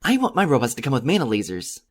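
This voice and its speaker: A man's voice: mid-range voice, huge pitch swings, fast. A man reading an audiobook, voicing a mischievous, playful young filly pony with a chirpy, teasing manner.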